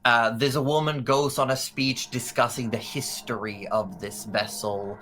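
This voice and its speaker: Unhurried man running a tabletop game. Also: mid-range voice, steady tone, fairly bright tone. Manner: loose, conversational narration with fillers. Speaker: game master.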